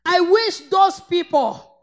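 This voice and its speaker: A woman from northern Nigeria, preaching a fervent sermon that swings between shouted praise and low, intense rebuke. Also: lively intonation, slow.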